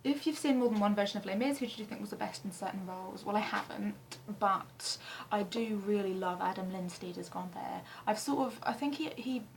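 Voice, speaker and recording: A young woman from England chatting casually to camera in her flat, rambling and self-deprecating with frequent ums and the odd swear word. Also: medium pitch, fairly quick, creaky, hardly any pauses, a little hiss or hum, rough recording. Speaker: vlogger answering a tag questionnaire. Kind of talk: casual chat. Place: flat, indoors.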